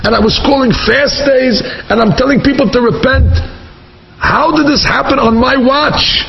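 A man's voice: normal speed, gravelly, muffled recording, slight background noise. A man voicing an anguished old rabbi. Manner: lamenting, pleading, rising in pitch. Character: anguished old male town rabbi, grieving.

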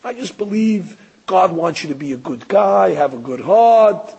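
A man's voice: high voice, expressive, unhurried, creaky, darkish tone, slightly rough, muffled recording. A man, a rabbi giving a religious lecture, talking emphatically and rhetorically, stammering into restarts and acting out other people's voices. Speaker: rabbi teaching a class.

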